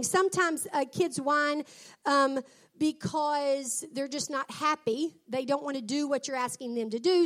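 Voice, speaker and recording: A middle-aged woman and mother, talking earnestly and reflectively about raising her sons. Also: high voice. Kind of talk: personal talk on parenting.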